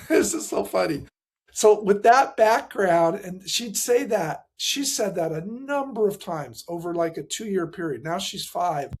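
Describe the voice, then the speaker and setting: A middle-aged man, a pastor and grief specialist, telling a painful personal story as a guest, acting out the dialogue and dropping to a soft voice at the hardest moments. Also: high-pitched, animated, unhurried. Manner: earnest, acts out quoted dialogue, voice drops soft at painful moments.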